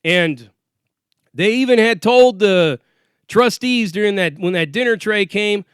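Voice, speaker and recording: A man's voice: sits high, a little slow, clear, resonant tone, dry recording, studio quality. A man telling a story about his time in jail in a casual, profane, streetwise way, acting out what people said. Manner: profane, streetwise, acts out quoted dialogue. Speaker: former inmate telling prison stories.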